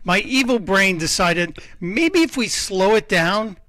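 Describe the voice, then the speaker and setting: A man joking mischievously about slowing down an audiobook. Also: sits high, animated, sharp tone, dry recording, clean studio sound.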